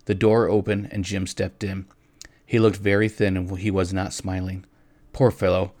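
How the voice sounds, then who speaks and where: A man with a fairly low voice reads a story aloud, gentle and unhurried. At times he turns to his listeners directly. The sound is close and dry, with no room around it. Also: no echo. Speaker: reader. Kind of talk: storytelling narration.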